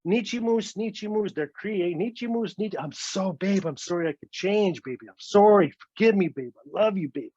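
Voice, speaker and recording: A man's voice: sits high, moderate pace, hardly any pauses, husky, no room sound. A man doing a grovelling husband who begs in baby talk. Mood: pleading. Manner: pleading baby talk, squealing excitedly. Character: grovelling, hockey-crazed husband, adult man. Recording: dull, dry lo-fi recording.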